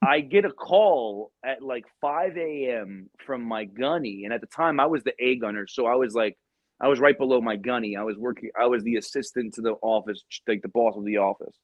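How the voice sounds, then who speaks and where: Animated male storyteller, dry lo-fi sound. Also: medium pitch, a little fast, dry recording. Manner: animated storyteller, acts out shouted quotes. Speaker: podcast guest, Marine veteran. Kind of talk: casual storytelling chat.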